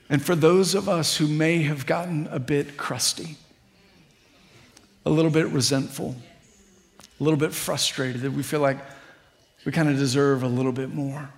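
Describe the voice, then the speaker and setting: A man's voice: a little high, fairly even intonation, moderate pace. A middle-aged man preaching a sermon as pastor, earnest and building to fervent appeals.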